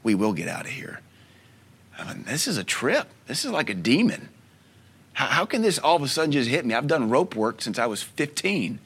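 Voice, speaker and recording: A man in his thirties preaching a sermon as a pastor, telling stories with soft asides and sudden loud bursts. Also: mid-range voice, very animated, moderate pace, slightly rough. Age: 30s.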